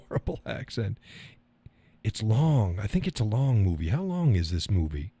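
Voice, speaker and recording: A man's voice: lowish voice, big pitch swings, moderate pace, warm tone, breathy edge, no room sound. A middle-aged man hosting a live stream, chatting loosely, cursing now and then and chuckling as he talks to his chat. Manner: rambling, swears casually, chuckles often. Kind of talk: casual chat reading viewer comments.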